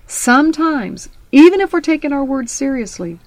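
A woman's voice: high voice, very animated, normal speed, a little mellow, no room sound. Dry-sounding woman preaching a sermon. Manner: storytelling, conversational with scripture quotes.

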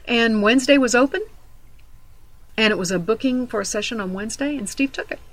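A woman's voice: on the high side, fairly quick, no room sound, rough recording. Earnest woman giving a devotional talk. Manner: earnest and emphatic, with personal stories. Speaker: Christian devotional speaker. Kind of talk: conversational devotional teaching.

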